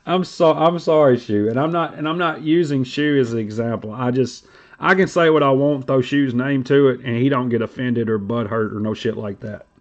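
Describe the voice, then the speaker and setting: A middle-aged man, hosting a casual livestream chat and telling stories in a blunt, profane, animated way. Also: mid-range voice, moderate pace. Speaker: livestream host. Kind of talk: casual card-collecting talk. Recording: dull lo-fi stream audio.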